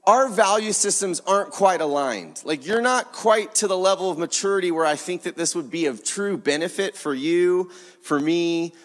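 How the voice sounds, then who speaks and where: A man preaching a sermon in an earnest, conversational way, acting out bits of dialogue. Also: on the high side. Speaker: pastor. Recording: long reverb of a hall.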